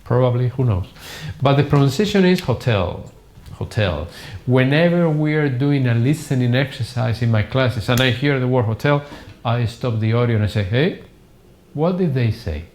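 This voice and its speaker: A man's voice: medium pitch, fairly quick, a little mellow. A middle-aged man whose first language is Spanish, teaching a live online English lesson in a classroom and drilling words with emphatic repetition. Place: classroom with whiteboard.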